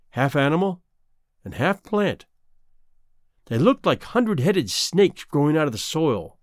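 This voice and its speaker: A man reading a fairy tale aloud as a storyteller, in a dramatic, expressive way. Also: on the high side, no room sound, clean studio sound. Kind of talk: scripted narration of a fairy tale.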